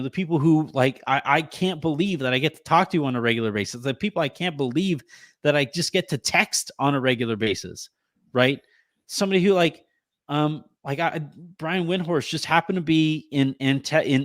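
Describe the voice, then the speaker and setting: Male podcast host, 30s, mid-pitched, choked up and rambling, dry close mic at home. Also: lively intonation, a bit bright, no room sound. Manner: rambling, halting, many restarts and fillers. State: holding back tears. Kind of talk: emotional thank-you on a sports podcast.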